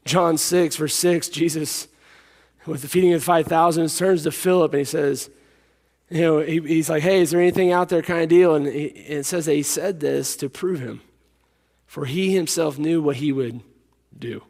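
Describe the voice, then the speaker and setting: A man delivers a sermon in a high, ringing voice. He presses his points by repeating them and drops low for his stories. Long reverb from a big hall trails every phrase. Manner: emphatic, repeats key lines, drops to a hush for stories. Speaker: preacher.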